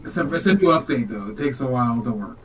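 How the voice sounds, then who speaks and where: A man's voice: mid-range voice, fast talker, recorded from a distance, slight background noise, poor audio. Man joking through a movie recap. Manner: animated, joking retelling. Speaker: podcast co-host. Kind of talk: casual chat reviewing a movie.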